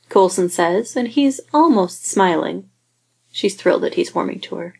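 A woman narrating a fan fiction story aloud in a steady, unhurried way. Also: lowish voice, creaky, husky. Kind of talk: fan fiction audiobook reading.

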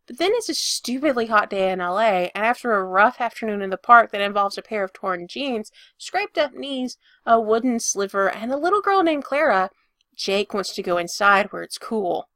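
A woman reading fiction aloud as narrator in an even, intimate storytelling manner. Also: on the high side, dry recording, studio quality.

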